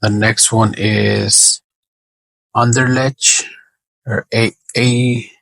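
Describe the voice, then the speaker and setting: A man's voice: fairly low pitch, slow pace, vocal fry, fairly bright tone, slightly rough, dry recording, low-quality recording. A man making casual soccer betting predictions on his own, thinking aloud and correcting himself as he goes. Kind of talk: casual solo prediction talk.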